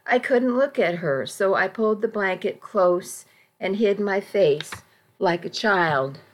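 A woman's voice: medium pitch, animated, slow. Woman narrating a first-person audiobook.

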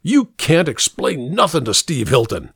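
A man voicing a menacing, vengeful male killer in a read-aloud story, with a throaty, rasping snarl and slow threatening delivery. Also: mid-range voice, big pitch swings, fairly bright tone, no echo, studio quality, exaggerated voice. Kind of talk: dramatic story reading.

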